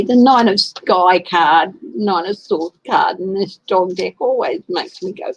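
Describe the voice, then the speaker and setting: A woman's voice: medium pitch, expressive, a little slow, gravelly, hardly any pauses, highs cut off, slight background noise. A woman with an Australian accent doing a casual live-stream tarot reading, chatting and greeting viewers by name. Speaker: tarot reader.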